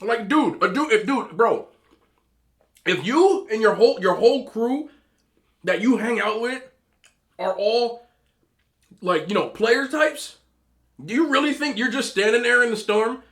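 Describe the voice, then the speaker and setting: A man's voice: very high voice, expressive, measured pace, pauses often, fairly bright tone. A man hosting a mukbang, giving opinionated casual rants while he eats and talks with his mouth full. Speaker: mukbang host. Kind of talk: casual ranting while eating.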